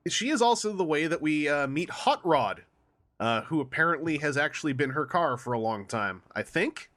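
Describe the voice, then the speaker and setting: A man's voice: on the high side, big pitch swings, normal speed, fairly bright tone. A man on a podcast panel, chatting casually and acting out quoted lines in exaggerated voices. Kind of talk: casual roundtable chat.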